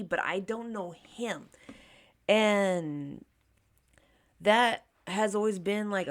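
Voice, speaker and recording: A woman in her thirties telling a casual storytime while doing her makeup, chatty and candid, swearing freely and acting out the people in her story. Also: mid-range voice. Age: 30s. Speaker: beauty vlogger.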